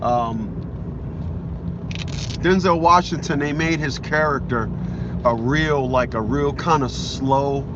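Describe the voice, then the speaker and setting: A man's voice: medium pitch, takes it slowly, pauses often, muffled recording, background noise. A man in his fifties from New Jersey, telling a story casually in a rambling way, repeating himself and acting out quotes. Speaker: vlogger.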